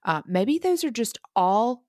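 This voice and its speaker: A woman's voice: fairly high pitch, very animated, measured pace, darkish tone, no room sound, clean studio sound. A mother, co-hosting a casual podcast chat, rambling with lots of fillers and restarts. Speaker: podcast co-host.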